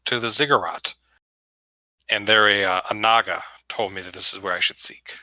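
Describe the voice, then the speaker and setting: A man voicing a sly, wheedling male cat-folk hunter in a tabletop game, attempting a halting, thick Russian-style accent. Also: fairly low pitch, steady tone, bright, forceful tone, no echo, rough recording. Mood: shifty. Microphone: computer mic over online voice chat.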